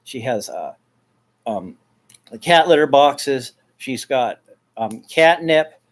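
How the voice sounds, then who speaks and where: A man talking straight at the camera to his neighbor in a loose, unscripted ramble. He repeats words and restarts his sentences often. His pitch sits in a middling range, and he stays aggrieved while he lays out his complaints. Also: lively intonation, slow. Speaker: vlogger addressing his neighbor. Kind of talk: casual spoken monologue.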